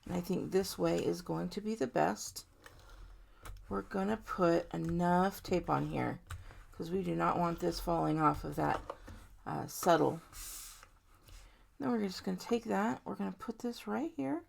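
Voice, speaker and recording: Gravelly-voiced woman demonstrating card crafting. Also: lowish voice, unhurried, pauses often. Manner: chatty, warm-hearted, talks to viewers directly. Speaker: card-making tutorial host. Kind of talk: casual step-by-step crafting demo.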